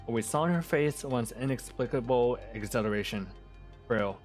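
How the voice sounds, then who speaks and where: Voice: mid-range voice, normal speed, a little mellow, faint music behind. Streamer reading game narration. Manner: casual, cursing.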